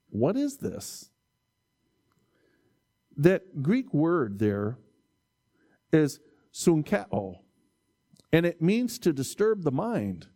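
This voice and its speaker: A man preaching a sermon, lively and expressive, acting out bewildered reactions and stumbling over Greek words. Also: fairly high pitch. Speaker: pastor.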